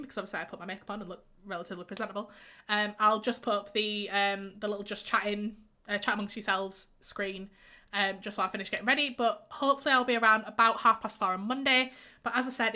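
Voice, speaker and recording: A woman's voice: a little high, sharp tone. A young woman with a cold, chatting casually with her viewers on a live game stream and answering their messages. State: has a cold, congested. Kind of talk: casual live-stream chat while gaming.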